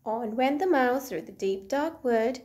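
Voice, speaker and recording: A woman reading a picture book aloud to young children, expressive and deliberate. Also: a little high. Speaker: nursery storyteller.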